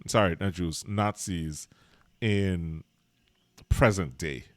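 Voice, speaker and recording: A podcast co-host with a deep voice talks slowly but eagerly about a film in a casual discussion. He repeats words and corrects himself mid-sentence.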